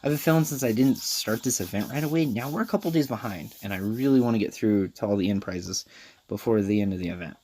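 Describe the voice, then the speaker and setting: A man giving casual, excitable gameplay commentary, chatty and loose. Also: lowish voice, quick pace. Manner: chatty, excitable, lots of "dude" and "like". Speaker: gaming video host. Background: game music.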